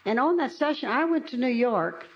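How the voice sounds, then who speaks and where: A woman's voice: fairly high pitch, expressive, moderate pace. An older woman from Arkansas, a country singer, telling homespun stories on stage between songs and laughing as she talks. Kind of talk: folksy onstage storytelling between songs. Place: live stage at an outdoor folk park venue. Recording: dull lo-fi live recording with loud guitar music.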